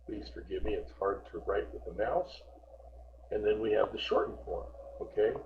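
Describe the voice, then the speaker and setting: A man's voice: lowish voice, normal speed, lo-fi sound, background noise. A man teaching an online group English class, patiently repeating words to correct pronunciation. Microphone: video call.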